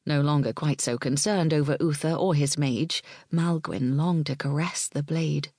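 Low husky woman reading a story, slips into whispers, dry close sound. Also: no room sound. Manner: measured and expressive, dropping to whispers. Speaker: narrator. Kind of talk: scripted audiobook narration.

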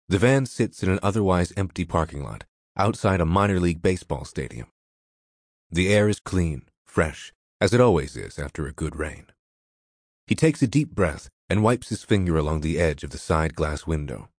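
Deep-voiced male audiobook narrator. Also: no room sound, clean studio sound. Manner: measured, descriptive storytelling.

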